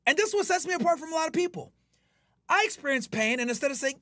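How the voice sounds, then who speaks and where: A man hosting a podcast stream, giving a profane, emphatic motivational rant that builds toward shouting. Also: very high-pitched, lively intonation, fast talker, dry recording, studio quality. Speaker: podcast host.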